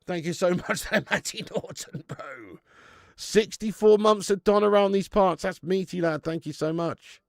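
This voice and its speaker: A man in his twenties calls a football match live for his fan channel, loud and excitable, swearing freely and bantering with chat. His voice sits high and has a gravelly edge. It is recorded close and dry. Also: unhurried, dry recording. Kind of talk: live football watch-along commentary.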